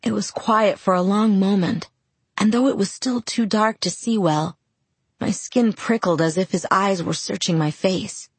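A woman reading a first-person novel aloud in a measured, soft, reflective way on a close studio mic. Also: medium pitch, husky, no echo. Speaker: audiobook narrator.

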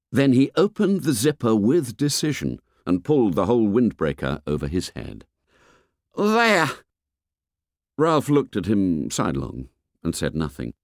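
A man reading a novel aloud as an audiobook narrator, in an expressive storytelling manner. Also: fairly low pitch, dry recording, clean studio sound. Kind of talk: scripted narration.

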